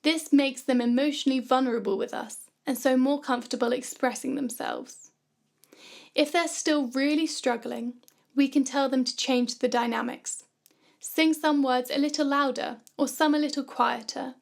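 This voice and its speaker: Woman teaching music production, high voice, bit of vocal fry, calm and clear. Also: moderate pace. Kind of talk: scripted tutorial narration.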